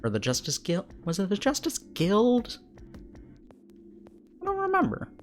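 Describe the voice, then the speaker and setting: A man's voice: sits high, huge pitch swings, measured pace, faint music behind. Giggly male streamer reading game text. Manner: giggly, chatty, reads the game text aloud. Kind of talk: casual live-stream commentary and reading aloud.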